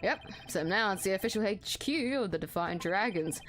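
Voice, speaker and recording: A woman voicing a scruffy middle-aged male rebel leader, reading game dialogue aloud in an easygoing, drawn-out way. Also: medium pitch, lively intonation, fairly bright tone, faint music behind, lightly acted.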